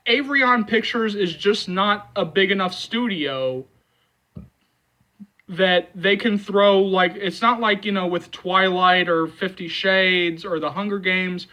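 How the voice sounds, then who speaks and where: A man's voice: high-pitched, takes it slowly, sharp tone, rough recording. A man hosting a movie channel, talking casually and rambling, with many fillers and repeated phrases as he reassures fans. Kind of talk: casual commentary vlog.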